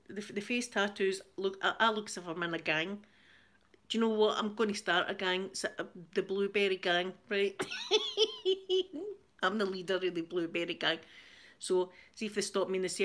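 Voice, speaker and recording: A woman's voice: medium pitch, normal speed, a bit bright. Chatty Scottish woman with frequent laughter. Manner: rambling, chatty, laughs often, repeats words. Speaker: channel host. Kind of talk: casual storytelling chat.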